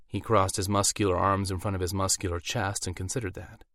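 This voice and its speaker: A man narrating a fantasy audiobook in an even, measured reading. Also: deep voice, no echo, studio quality.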